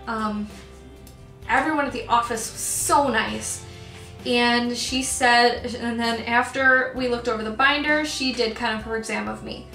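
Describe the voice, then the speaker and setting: A woman's voice: a little high, fairly even intonation, a little slow, pushed and bright, soft background music. Emotional young woman vlogging in echoey room. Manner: emotional, gets choked up; rambling with many ums. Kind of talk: personal vlog storytelling.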